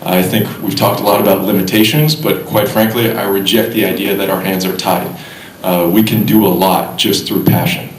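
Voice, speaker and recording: A young man with a very deep voice speaks firmly and with determination in a debate. The hall gives his words a roomy echo. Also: flat delivery, moderate pace. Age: young adult. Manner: firm, determined. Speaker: student candidate. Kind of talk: debate statement. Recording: roomy hall, faint background noise.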